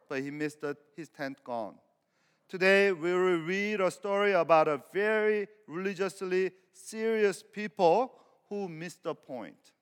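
A man's voice: high-pitched, clear, resonant tone. A man preaching a sermon as a pastor, stretching out key words for emphasis. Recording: long hall reverb.

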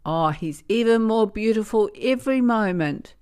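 A woman voicing a caring grandmother who chats brightly and reassuringly on the phone. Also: medium pitch, lively intonation, normal speed, clear, resonant tone, voice pushed up, close to an everyday voice. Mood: cheerful.

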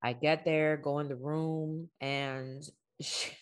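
Young woman, low voice, halting and emotional, lots of likes and ums, candid chat. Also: little pitch movement, clean tone. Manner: emotional, halting, with many fillers. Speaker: podcast co-host. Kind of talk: candid personal conversation.

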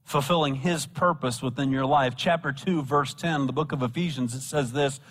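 A man's voice: a little high, moderate pace, hardly any pauses, fairly bright tone. Man preaching in an echoing church. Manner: preaching with emphatic repetition and scripture reading. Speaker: pastor. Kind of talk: sermon. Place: church sanctuary. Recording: church hall with long reverb.

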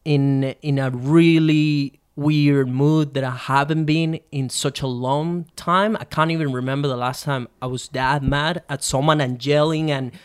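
Animated, profane male podcast storyteller. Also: a little high, smooth. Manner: animated, profane storytelling with quick restarts and fillers. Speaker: podcast co-host. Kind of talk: casual chat, storytelling.

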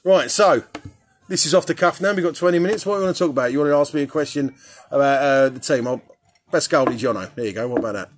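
A man's voice: a little high, fast talker, slight background noise. A young man hosting a casual quiz for his football teammates, cheeky and sweary, laughing often. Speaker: quiz host for a football team. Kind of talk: casual banter.

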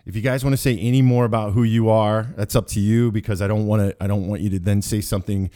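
A fairly low-pitched man in his forties leads a loose, joking podcast chat. He rambles and restarts his sentences as he talks with guests on a call. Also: fairly even intonation, fast, mellow. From Kansas. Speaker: podcast host.

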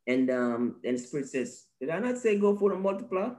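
Animated preachy man on a podcast. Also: a little high, brisk. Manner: animated, repeats phrases, laughs often, preachy emphasis. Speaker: podcast co-host. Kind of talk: casual religious podcast talk.

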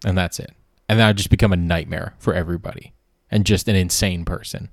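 Low-voiced man rambling on a podcast. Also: steady tone, fast, few pauses, no room sound, studio quality. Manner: rambling, sardonic, swears freely. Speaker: podcast host. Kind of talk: casual comedic monologue.

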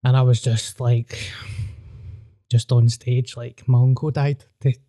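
Scottish comedian guy, warm low tone, blunt and self-deprecating, podcast chat. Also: flat delivery, a little slow, dry recording, clean studio sound. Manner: blunt, self-mocking storyteller. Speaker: stand-up comedian.

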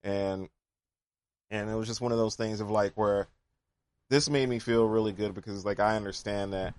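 A man's voice: lowish voice, little pitch movement, normal speed, darkish tone, no echo. A man who is a musician, telling stories in a laid-back, jokey casual chat. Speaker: musician, podcast co-host.

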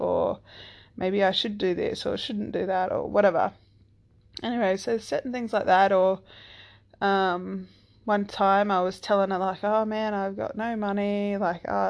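A single parent in her thirties or forties, speaking in a mid-range voice with vocal fry, shares a personal story. The telling is casual and rambling, peppered with "like" and "um," and she swears freely.

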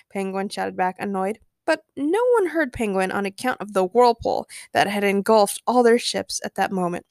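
A woman's voice: medium pitch, moderate pace, creaky, hardly any pauses, dry recording, studio quality. A woman podcast host reading her own fan fiction aloud as narrator. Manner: plain storybook narration.

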